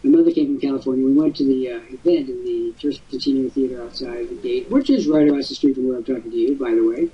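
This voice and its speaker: Speaking quickly and with hardly any pauses, an older man hosting a live webcast talk show spins expansive stories full of theatrical asides. His mid-range voice comes husky from off-mic, picked up by a distant mic in muffled lo-fi audio.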